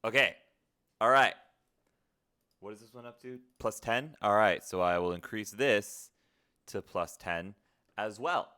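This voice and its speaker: A man's voice: fairly low pitch, a little slow, pauses often, sharp tone, smooth. A man streaming live in casual chat, muttering to himself and joking at his own expense, looping filler words in long strings. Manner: self-mocking, muttering to himself while fiddling with settings.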